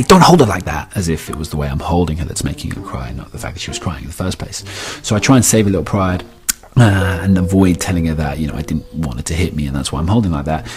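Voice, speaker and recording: A man telling a comic story about himself as a father, in a wry, self-mocking manner. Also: rumbling low.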